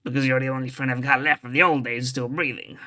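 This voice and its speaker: A man's voice: mid-range voice, steady tone, quick pace, pushed and bright, lightly acted. A man voicing a stern middle-aged male police chief, speaking with firm, weary reproach. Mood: earnest.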